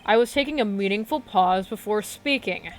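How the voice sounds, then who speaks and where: A woman's voice: medium pitch, normal speed, natural voice. A woman doing a haughty old prosecutor. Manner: loud, curt, commanding. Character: arrogant older male prosecutor, imperious and scornful.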